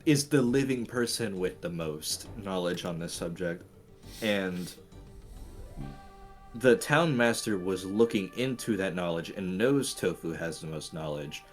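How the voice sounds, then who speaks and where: A man playing a tabletop game, earnest and a little halting as he explains his worries. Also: sits low, lively intonation, faint music behind. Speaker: player. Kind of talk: tabletop role-play.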